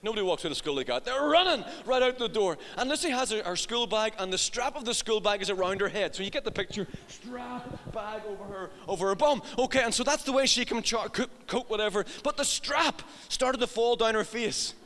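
A middle-aged pastor delivers a sermon built around a funny family story, acting out the voices and laughing at his own jokes. His voice sits high, with lively intonation, a fairly bright tone and a fairly quick delivery with hardly any pauses. The long reverb of a hall surrounds him.

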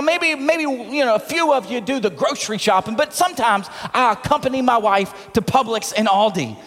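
Man preaching, high voice, lively swoops, jokey and animated, long hall reverb. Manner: humorous, animated preaching with laughs and call-and-response. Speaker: pastor. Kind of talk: sermon.

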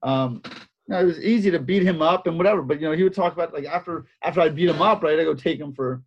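A man's voice: fairly high pitch, quick pace, a little hiss or hum. A man who coaches wrestling, telling stories in a casual interview with lots of repeated phrases and fillers. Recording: dull lo-fi sound.

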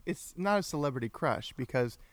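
A man's voice: medium pitch, lively intonation, fairly quick, no echo. A man hosting a casual livestreamed podcast, chatty and playful, greeting viewers by name. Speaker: podcast host.

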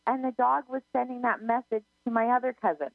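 A woman's voice: fairly high pitch, fast, creaky, no room sound, faint music behind. Chatty woman medium on a phone line. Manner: chatty storyteller, many restarts, quotes herself. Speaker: psychic medium, co-host. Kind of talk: casual radio chat. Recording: narrow phone-line sound, dry.

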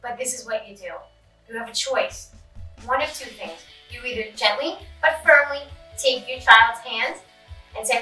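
A woman, a behavior specialist and parent, hosting a podcast and calmly explaining parenting strategies. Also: on the high side, moderate pace, distant mic. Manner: calm, explanatory, acts out example dialogue. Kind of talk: advice talk for parents. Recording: roomy sound from off-mic with faint music.

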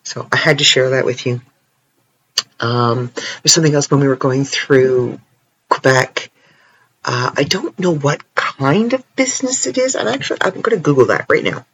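Husky and a bit bright, a Canadian vlogger's medium-pitched voice comes through animated and at a moderate pace on lo-fi sound. Tired and stretching his sore legs, he chats casually and playfully alone indoors at night.

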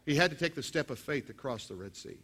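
A man preaching a sermon as pastor, telling stories with acted quotes and lively delivery. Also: mid-range voice, fast talker, husky. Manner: storytelling, animated with acted quotes.

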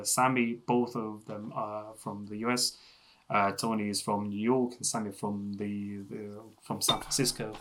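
A man's voice: fairly low pitch, a bit bright. A man who speaks English as a second language, with a Russian accent touched by British sounds, explaining things in casual chat and often restarting his phrases. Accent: Russian with a British tinge.

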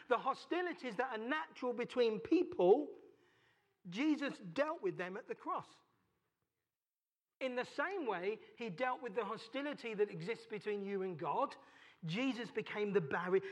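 A man with a London accent preaching a sermon, emphatic and repetitive, asking rhetorical questions. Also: sits high. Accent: London English. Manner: emphatic, repeats key phrases, rhetorical questions. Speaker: pastor.

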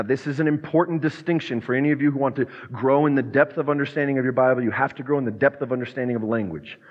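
A man preaching a sermon as pastor, earnest, now and then acting out quoted voices. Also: medium pitch. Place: church sanctuary. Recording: muffled sound with long church reverb.

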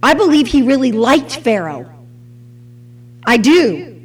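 Lively, slow-speaking woman Bible teacher. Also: on the high side. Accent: Southern US. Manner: animated, acts out quotes. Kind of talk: sermon.

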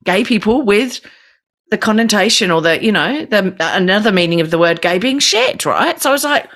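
A woman's voice: medium pitch, expressive, moderate pace, fairly bright tone. A woman from the UK hosting a podcast in casual, chatty talk, often tagging "right?" onto her sentences. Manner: chatty, frequent tag questions. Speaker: podcast host. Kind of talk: casual chat.

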